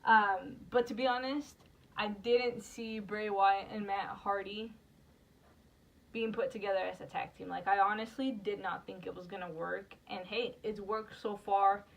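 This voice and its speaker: Speaking a little slowly with a creaky, mid-range voice and fairly even intonation, a woman co-hosts a casual wrestling review show. She leads the segments and chats her way from one topic to the next, using "like" often. Background noise comes through her distant mic.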